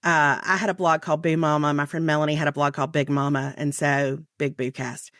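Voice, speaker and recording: A woman's voice: low-pitched, flat delivery, fairly quick, fairly bright tone, dry recording, clean studio sound. A woman in her forties with a Southern American accent from Mississippi, chatting as a guest on an interview podcast, laughing easily and drawing out her phrases. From Mississippi, USA. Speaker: guest author.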